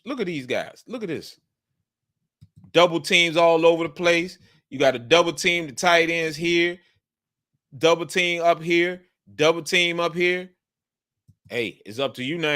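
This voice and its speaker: A man talks through football game film in a casual, coaching way, hammering each point by saying it again. His voice sits a little high, and he gets emphatic as he calls out plays. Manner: repetitive, emphatic, coaching tone, breaks into animated outbursts.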